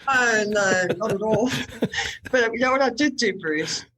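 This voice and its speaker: A woman's voice: on the high side, expressive, unhurried, fairly bright tone, slight background noise, rough recording. Woman, laughing storyteller. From South Africa. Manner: laughs often while telling stories. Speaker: podcast guest, motorcycle traveler. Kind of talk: casual storytelling chat.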